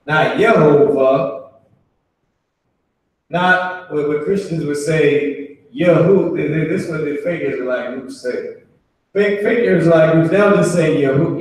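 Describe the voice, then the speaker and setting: Male teacher, unhurried board lesson, drawn-out words, slightly high voice, roomy echo. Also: a little mellow. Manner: casual, repeats and restarts, drawls key words. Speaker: Hebrew class teacher. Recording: very echoey room, mic far off.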